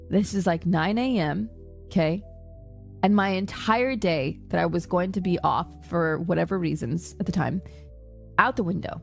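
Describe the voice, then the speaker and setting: A young woman streamer rants to her chat, retelling a frustrating story and voicing the people in it. Her voice has a gravelly fry at the ends of lines, and her pitch sits at an ordinary middle height. Soft music plays faintly underneath. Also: normal speed. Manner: exasperated, animated retelling with quoted dialogue. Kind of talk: casual storytime rant to chat.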